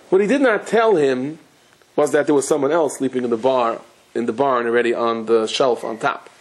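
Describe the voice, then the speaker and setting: A rabbi giving a Torah lecture, telling stories in a lively way with Yiddish and Hebrew terms mixed in. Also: male voice, medium pitch, normal speed, husky, low-quality recording. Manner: animated storytelling, sprinkled with Yiddish and Hebrew terms.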